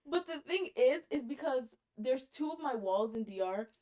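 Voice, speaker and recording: A woman podcast co-host telling a story in casual chat, animated, laughing often and swearing casually. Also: sits high, normal speed.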